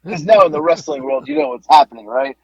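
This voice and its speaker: Man, wrestler and podcast co-host, lively swooping pitch, dry muffled sound, casual storytelling. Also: fast. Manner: animated, laughing, swearing.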